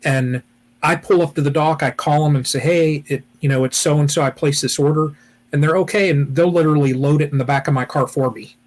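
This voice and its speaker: A man's voice: a little high, fairly even intonation, a little fast, a little mellow. A man from Ohio hosting a weekly beekeeping live chat, rambling casually with lots of "you know" and restarts.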